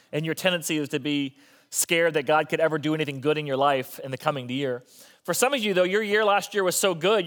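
A man's voice: a little high, a bit bright. A male pastor preaching a sermon in a conversational style with joking asides.

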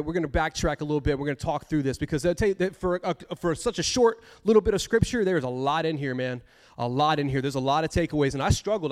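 A man preaching a sermon as a pastor, animated and conversational, repeating key phrases for emphasis. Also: on the high side.

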